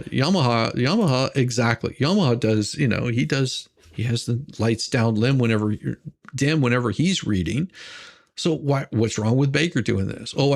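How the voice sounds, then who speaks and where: A man hosting a livestream, riffing in a rambling, mocking way, laughing and repeating himself. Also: mid-range voice. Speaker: livestream host reacting to court drama. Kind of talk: casual commentary.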